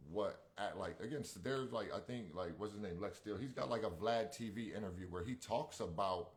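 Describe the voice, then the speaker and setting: A man co-hosts a relationship talk show, chatting casually as he reads viewer comments aloud and rambles with slang and restarts. His voice is fairly low and fairly quick, with few pauses.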